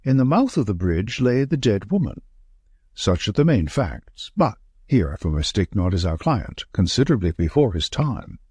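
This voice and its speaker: A man reading a brisk, probing detective. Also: on the low side, breathy edge, no room sound, clean studio sound. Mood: reasoning. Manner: brisk, probing, lively questioning. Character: sharp, confident male detective, middle-aged.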